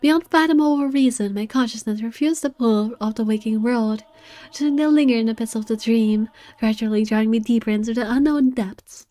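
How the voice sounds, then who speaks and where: A woman's voice: fairly high pitch, warm tone, close to an everyday voice. A woman reading as a proud young man. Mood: brooding. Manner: measured, dramatic reading. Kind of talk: reading game narration aloud. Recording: faint game music behind.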